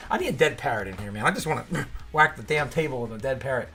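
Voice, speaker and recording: A man's voice: mid-range voice, sing-song, quick pace, fairly bright tone, soft background music. A man hosting a crypto show, talking in a frustrated, rambling rant full of swearing. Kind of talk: casual livestream rant.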